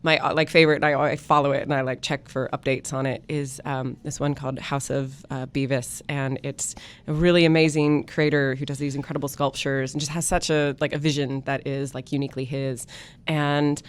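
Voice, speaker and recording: Low-voiced chatty woman developer. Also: flat delivery, brisk, smooth. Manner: chatty, many fillers, enthusiastic. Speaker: game developer guest. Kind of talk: casual chat.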